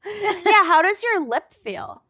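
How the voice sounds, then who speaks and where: A woman's voice: very high-pitched, lively intonation, takes it slowly, fairly bright tone. A woman with a Minnesotan accent co-hosting a podcast in casual chat, giggly and full of "like" fillers. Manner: giggly, chatty, many "like" fillers. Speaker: podcast co-host.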